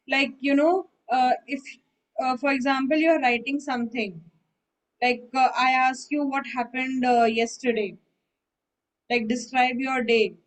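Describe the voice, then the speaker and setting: Slow, high-voiced woman teaching French. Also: steady tone, poor audio. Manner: patient, repeats and checks understanding. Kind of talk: online one-on-one language lesson.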